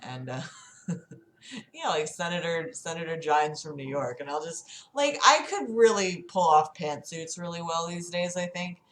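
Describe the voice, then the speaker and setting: A woman's voice: lowish voice, expressive, unhurried, fairly bright tone, reverberant, a little hiss or hum. A young woman hosting a casual livestream from her city apartment, rambling and giggling, with lots of "like". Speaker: livestream host.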